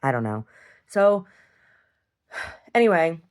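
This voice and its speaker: In a lowish, sing-song voice with a clean tone, a woman takes her time through a video diary. The monologue wanders, full of profanity, blunt remarks, restarts, repeated "I don't know"s and frequent little chuckles.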